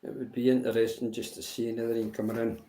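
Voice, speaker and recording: A man's voice: medium pitch, level tone, quick pace, dark tone, slight background noise. A man co-hosting a casual live stream, chatty and explaining things over a video call. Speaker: co-host. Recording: roomy call audio.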